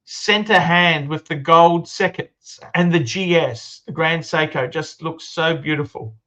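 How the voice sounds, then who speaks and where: A man's voice: fairly high pitch, unhurried, bright, forceful tone, muffled recording. A man hosting a casual livestream, chatty and enthusiastic, swearing freely as he talks. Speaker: livestream host.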